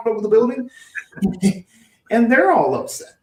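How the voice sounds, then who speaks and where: In casual podcast talk, a Mississippi man recounts a lengthy workplace anecdote, rambling, restarting, and chuckling often. His voice sits high and sing-song, at normal speed with long pauses and a slightly mellow tone, heard through a distant mic in a roomy space.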